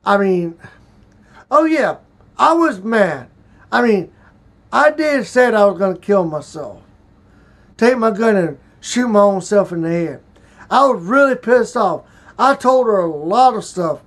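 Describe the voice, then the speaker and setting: Vlogger, male, high voice, slow, emotional halting delivery, confessional. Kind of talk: personal confessional vlog.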